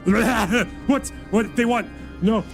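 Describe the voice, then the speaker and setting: A man's voice: high voice, measured pace, gravelly, faint music behind, pitched above the performer's own voice. A man putting on a parody of an indignant, doom-preaching political pundit who trips over his own talking points. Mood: flustered ranting.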